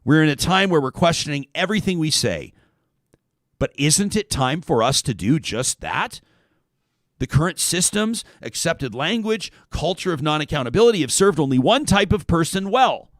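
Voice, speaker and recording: Animated, lively male talk show host. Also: a little high, normal speed, no room sound, clean studio sound. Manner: animated, conversational, reads listener emails aloud. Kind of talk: radio talk show monologue.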